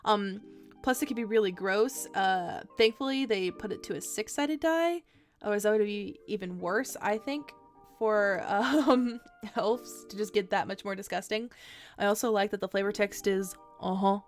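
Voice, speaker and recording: A woman's voice: medium pitch, moderate pace, soft background music. Giggly young woman gushing over cards. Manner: gushing and giggly, rambling with fillers. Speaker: streamer reviewing trading cards. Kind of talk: casual chat.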